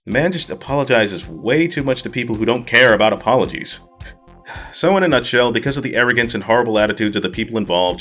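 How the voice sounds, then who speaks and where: A man's voice: low voice, fairly bright tone. A man hosting a critical commentary video, talking in a blunt and scornful way. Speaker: commentary host.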